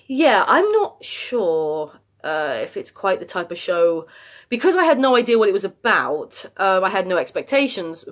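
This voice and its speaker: A woman talks casually to camera about shows she has been watching. She rambles, trails off and restarts her sentences, filling the gaps with ums. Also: medium pitch. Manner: rambling, many fillers and restarts. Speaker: vlogger.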